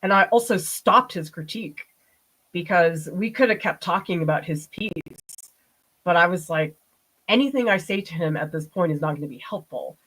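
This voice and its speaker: A woman's voice: lowish voice, moderate pace, rough recording. A middle-aged woman art professor, chatting and telling stories with laughs while painting on a live stream. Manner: chatty, animated storytelling with laughs. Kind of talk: live-stream painting demo answering chat.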